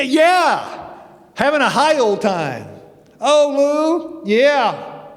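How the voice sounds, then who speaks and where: An older man putting on a chirpy, high-voiced churchgoer. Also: heavily acted. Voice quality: high, bright put-on voice. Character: eager cheerful male churchgoer, health-food pusher. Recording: long reverb of a church hall.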